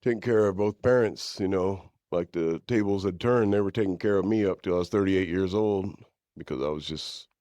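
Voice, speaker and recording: Dark-voiced man, candid storyteller. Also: moderate pace, dry recording. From East Bay, California. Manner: candid storyteller, drops into higher-pitched impressions of others. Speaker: podcast guest, author. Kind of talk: conversational interview. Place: podcast studio.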